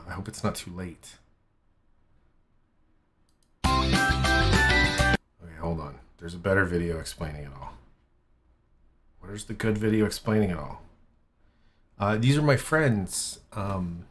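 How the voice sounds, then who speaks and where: A man hosting a stream, chatting casually and rambling in a relaxed, giggly way as he reacts to clips. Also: on the low side. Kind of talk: casual live-stream chat.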